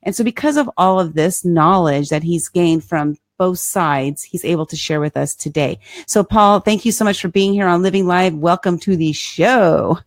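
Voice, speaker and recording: A woman's voice: on the low side, normal speed, few pauses, no room sound, clean studio sound. A woman hosting an interview show, introducing her guest and cutting in with friendly questions. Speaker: host. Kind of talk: casual interview.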